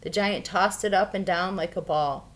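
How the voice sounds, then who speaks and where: A woman reading a fairy tale aloud for children, expressive and playful. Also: mid-range voice, normal speed. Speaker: storyteller. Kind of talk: children's storybook read-aloud.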